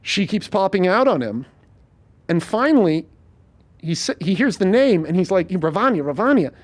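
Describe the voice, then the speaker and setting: In a casual conversation, a man who hosts a podcast and writes screenplays pitches a film idea. His delivery is fast and lively, peppered with swearing.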